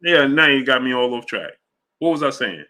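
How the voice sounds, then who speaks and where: A man hosting a casual boxing livestream, rambling loosely between fan shout-outs and fight talk. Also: medium pitch, lively intonation, normal speed. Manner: loose, rambling, drifts off track. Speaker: host of a live boxing show. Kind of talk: casual livestream chat reading super chats.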